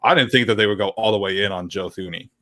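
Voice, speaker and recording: Laid-back low-voiced man talking football. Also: fast, dry recording, studio quality. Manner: relaxed, rambling with fillers and restarts. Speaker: podcast co-host. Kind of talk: casual live-stream sports chat.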